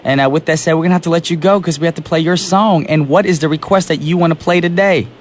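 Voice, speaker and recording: A quick, chatty young man hosts a radio show from a studio mic, sounding slightly hoarse as he recovers from a sore throat. He laughs easily, and a faint hum of ambience sits behind his voice. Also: fairly high pitch. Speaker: radio DJ host. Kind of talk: casual radio chat. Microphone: studio microphone.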